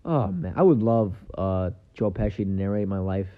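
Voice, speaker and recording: A young man with a fairly low voice talks through his solo podcast in loose, wandering chat, swearing without care and filling every gap with ums. The sound is dull and a little lo-fi. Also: moderate pace. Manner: casual, swears, lots of ums. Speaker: podcast host.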